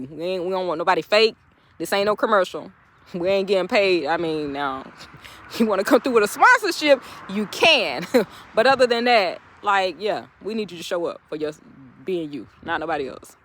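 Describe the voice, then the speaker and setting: A woman's voice: on the low side, fairly bright tone, dry recording. A woman speaking, giving a chatty, encouraging motivational talk to her viewers, turning preachy at times. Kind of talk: casual motivational talk to camera.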